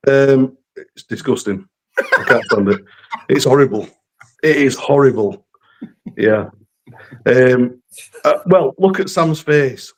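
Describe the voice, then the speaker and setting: A man's voice: medium pitch, lively intonation, takes it slowly, pauses often. A man chatting on a rugby fan panel, hesitant with restarts and blunt opinions. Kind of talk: casual panel chat.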